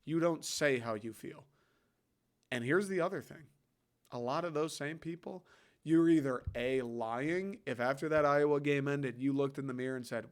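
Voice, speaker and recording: A man's voice: mid-range voice, smooth. A man hosting a sports show, ranting bluntly and with plenty of swearing, mocking critics with quoted voices. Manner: blunt, profane, mocks critics in put-on voices. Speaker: sports podcast host. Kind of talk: opinionated sports rant.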